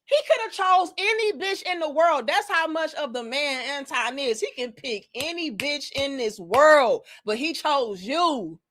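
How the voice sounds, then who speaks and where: Woman host, slightly high voice, salty sarcastic rant. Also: unhurried, hardly any pauses. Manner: profane, sarcastic, animated with exaggerated mock apologies. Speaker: commentary channel host. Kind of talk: casual commentary rant.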